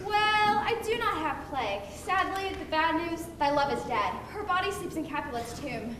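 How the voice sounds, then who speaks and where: A woman on stage playing a loyal, nervous male servant, speaking in a hurried, earnest way. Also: high voice, expressive, fairly bright tone, a little hiss or hum. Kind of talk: amateur stage comedy. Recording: distant, echoey stage recording.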